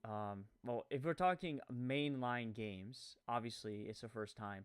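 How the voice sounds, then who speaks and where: A man's voice: mid-range voice, a little slow, few pauses, clean tone, no echo. A man with a French-Canadian accent giving rambling live-stream commentary, full of fillers, who corrects his own stumbles.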